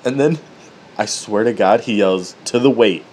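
A man telling a comedic story in an animated, profane way, laughing at his own jokes. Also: fairly low pitch, normal speed, a little hiss or hum.

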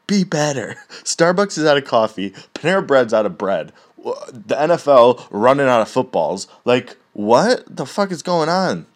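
A man's voice: medium pitch, very animated, moderate pace, hardly any pauses. A young man in a casual, rambling rant, swearing often and laughing at his own stories.

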